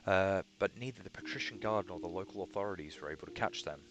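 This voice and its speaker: A man's voice: low voice, fast talker, muffled recording, lightly acted. Sir Zelka, a man reading a stiff young knight. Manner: formal, stiff, stumbling over words. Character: pompous young male knight lieutenant. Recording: music playing behind.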